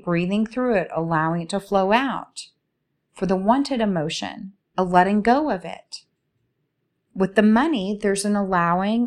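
Female spiritual coach, mid-range voice, unhurried soothing delivery, lots of rhetorical questions. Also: medium pitch. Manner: slow, soothing and inviting, with many rhetorical questions. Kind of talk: reflective guided talk.

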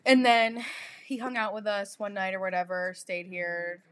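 Young woman telling a crude, animated story. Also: medium pitch, normal speed. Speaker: podcast co-host. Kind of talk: casual chat.

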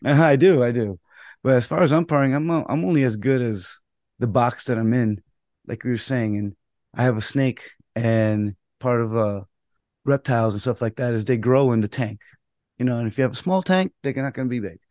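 A man co-hosting a podcast, telling umpiring stories in an animated way, acting out both sides of arguments and swearing casually. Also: mid-range voice, fairly quick, no room sound, clean studio sound. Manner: animated storytelling, acts out both sides of quarrels.

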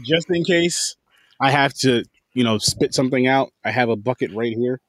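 A man's voice: medium pitch, moderate pace, a bit bright, no room sound. Laid-back male podcast host, dry sound. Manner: laid-back, swears casually, jokes with guests. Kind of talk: casual chat.

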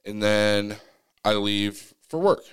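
A podcast co-host tells a personal story in casual, earnest talk, speaking slowly with a clean tone. He animatedly acts out his own pleas in a higher voice, with many restarts and fillers.

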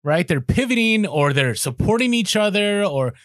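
A man co-hosting a podcast, talking casually in an animated, slangy way with many fillers. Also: high voice, moderate pace, no echo, clean studio sound. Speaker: podcast co-host.

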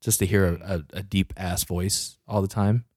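A man's voice: deep voice, steady tone, moderate pace, a little mellow, dry recording, clean studio sound. A young man co-hosting a podcast in casual chat, giving blunt opinions and laughing between remarks. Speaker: podcast co-host.

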